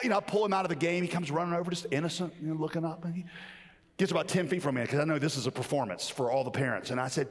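Middle-aged male pastor, animated storyteller, slightly high voice, long church reverb. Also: fast. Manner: animated storyteller, acts out voices, frequent restarts. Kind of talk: sermon with storytelling.

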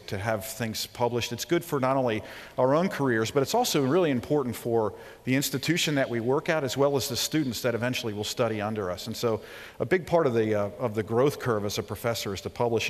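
A man in his forties preaches a sermon with animated storytelling, acting out the voices he quotes and sinking to a hush for emphasis. His voice sits at an ordinary mid pitch. It rings out with a long reverb in a large hall. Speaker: preacher and professor.

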